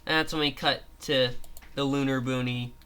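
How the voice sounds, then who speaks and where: A man's voice: medium pitch, fairly even intonation, normal speed, bright, forceful tone, clear, resonant tone. A man casually retelling a monster story of his own, rambling with frequent restarts and fillers, at home with his grandmother nearby.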